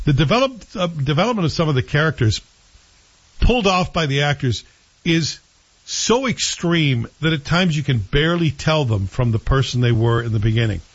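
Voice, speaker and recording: A man's voice: a little high, expressive, normal speed, breathy edge. A man hosting a casual chat show, rambling through his opinions on a TV series and often correcting himself. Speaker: host reviewing TV series. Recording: dull lo-fi sound.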